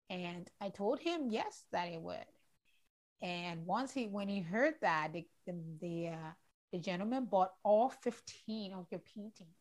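A woman hosting a casual online chat show, effusive and gushing with excitement about her guest. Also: fairly low pitch, measured pace. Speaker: show host.

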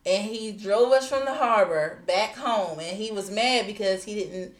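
A woman's voice: mid-range voice, unhurried. A young woman from the Baltimore area with a Baltimore accent, co-hosting a casual podcast and telling stories with frequent laughs. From Baltimore area, USA. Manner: storytelling, laughs often, animated. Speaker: podcast host. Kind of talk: casual chat among cousins.

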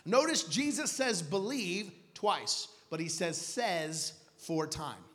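A man preaching a sermon as pastor, moving from quiet teaching to shouted declarations. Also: high-pitched, animated, slow. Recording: long hall reverb.

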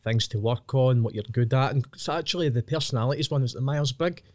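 A man's voice: medium pitch, fast talker, a little mellow, no echo. A young adult man with a Scottish accent, a podcast guest speaking bluntly with dry, sweary humor. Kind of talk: casual chat.

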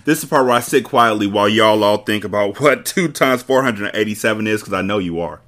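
A man's voice: on the low side, fast talker, a bit bright. A man hosting a podcast, reading a children's book aloud with casual asides to listeners. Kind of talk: storybook read-aloud.

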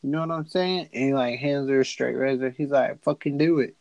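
A young man in casual podcast chat, retelling a horror movie with profanity, rambling asides and quick character voices. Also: medium pitch, gravelly, a little mellow, no room sound, poor audio. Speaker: podcast co-host.

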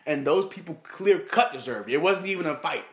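A man co-hosting a casual sports talk show, animated and mocking, full of slang. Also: fairly high pitch, fairly quick. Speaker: podcast co-host.

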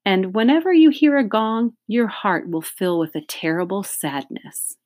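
A woman's voice: mid-range voice, measured pace, no room sound, clean studio sound, voice pushed up, lightly acted. A woman voicing a friendly male yard teacher who speaks earnestly and encourages a student. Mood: encouraging. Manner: gently earnest, coaxing.

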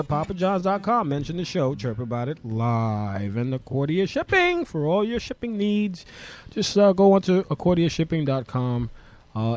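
A male talk-show host with a high voice that swings widely as he talks. He sounds excitable and laughs often, whether he is chatting or reading sponsor plugs. His delivery is casual and full of energy.

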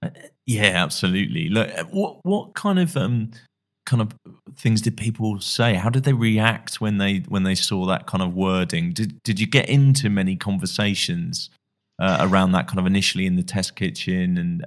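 A man hosts a podcast in a gravelly, fairly low voice. He asks loose, friendly questions full of small fillers, and he keeps the chat casual. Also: moderate pace. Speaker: podcast host.

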